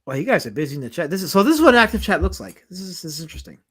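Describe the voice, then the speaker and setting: A husky, high-pitched man with a Southern US accent speaks very fast on a laid-back comics live stream. Full of jokes and animation, he reads the chat out loud and keeps repeating himself.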